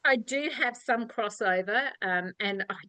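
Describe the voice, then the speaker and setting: A middle-aged Australian woman, an author, chatting casually on a podcast and telling lively stories with acted-out quotes. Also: on the high side, a little slow, dry recording, poor audio. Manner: animated storyteller, acts out quoted voices. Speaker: author guest.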